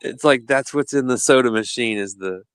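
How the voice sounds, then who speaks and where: A man hosting a podcast, chatting casually and telling animated stories with frequent laughter. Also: mid-range voice, moderate pace, smooth, dry recording. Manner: animated storyteller, laughs often. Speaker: podcast host. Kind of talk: casual chat.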